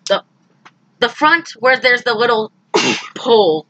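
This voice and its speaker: Animated woman recapping a movie. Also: slow pace, no room sound, muffled recording. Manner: animated, laughing, acts out lines in loud high voices. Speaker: podcast co-host recapping a movie. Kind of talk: casual chat.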